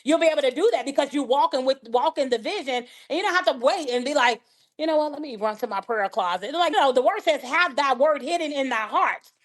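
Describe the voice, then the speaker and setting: A woman's voice: high-pitched, brisk. A woman guest on a podcast, a life coach telling faith-filled stories and acting out the people in them. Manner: animated, acts out dialogue in her stories. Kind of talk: faith-based conversational storytelling.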